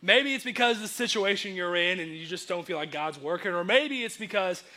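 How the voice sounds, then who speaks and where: Bright-voiced young man preaching casually. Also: high-pitched, fairly quick. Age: young adult. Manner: casual, energetic, acts out quotes. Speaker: youth preacher. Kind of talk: sermon.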